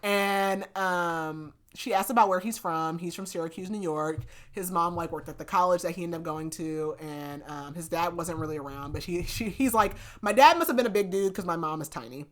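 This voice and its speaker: On her book review podcast, a young woman with a lowish voice recaps a romance novel at a moderate pace, hardly stopping for breath. She keeps it chatty and casual, filling it with "like".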